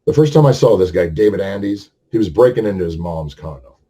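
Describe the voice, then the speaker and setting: A man's voice: sits low, animated, fairly quick, mellow, husky. A man in his sixties telling a rambling, heated story with lots of swearing, talking casually to a camera. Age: 60s. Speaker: vlogger.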